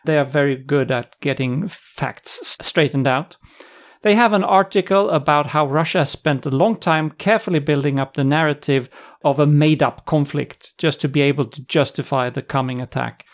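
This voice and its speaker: A male podcast co-host with a somewhat high voice, chatting in a relaxed, dry way. He talks through news items and links, adding wry asides along the way. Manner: conversational, wry, reads out sources and quotes. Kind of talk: casual podcast discussion.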